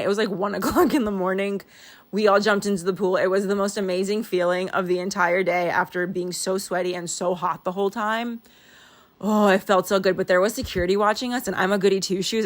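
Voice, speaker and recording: Chatty young woman with a wheezy laugh. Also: medium pitch. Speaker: planner vlogger. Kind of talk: casual voice-over while planning.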